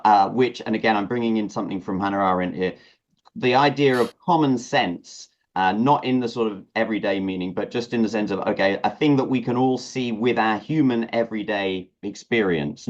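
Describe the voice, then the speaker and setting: A man interviewing a guest, talking in a halting way, searching for words and restarting his sentences. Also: lowish voice. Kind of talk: hesitant conversational interview. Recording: dull lo-fi audio.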